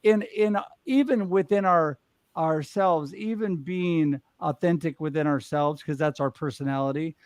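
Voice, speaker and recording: A man's voice: fairly high pitch, unhurried, a little mellow, dry recording. A middle-aged man hosting a casual panel chat over a video call, upbeat and telling stories about himself with self-deprecating humor. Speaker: host.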